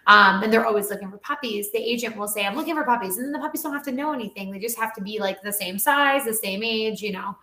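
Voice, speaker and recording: A woman who trains dogs and animal talent, telling a story in a casual interview with animated, chatty energy and lots of "like.". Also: mid-range voice, quick pace, few pauses. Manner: animated, chatty, heavy use of "like". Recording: roomy echo.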